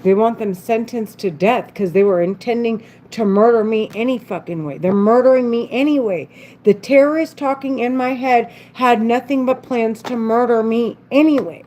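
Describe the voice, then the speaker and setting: A woman's voice: on the high side, normal speed, darkish tone, slight background noise, rough recording. Agitated, rambling woman with a raised voice. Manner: agitated, rambling, frequent swearing. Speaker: vlogger. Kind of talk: unscripted monologue to camera.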